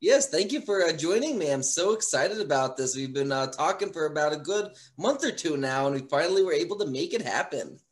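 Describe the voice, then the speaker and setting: A man's voice: fairly high pitch, expressive, brisk, hardly any pauses. A man hosting a show and interviewing a guest over a video call, enthusiastic and upbeat. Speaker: podcast host. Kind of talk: casual interview.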